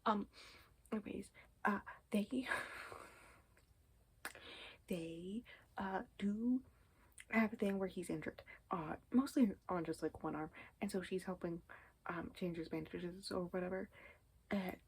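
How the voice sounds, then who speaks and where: A woman's voice: mid-range voice, a little slow, pauses often, breathy edge, rough recording. A woman chatting casually in a reading vlog, rambling and often dropping to a whispered aside, with many ums and anyways. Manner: says 'um' and 'anyways' often. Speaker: book vlogger.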